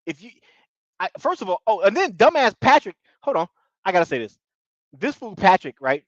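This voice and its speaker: A man's voice: sits high, dry recording. A man casually recapping a reality show in slangy talk, laughing often. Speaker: TV show reviewer. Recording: dull lo-fi dry audio.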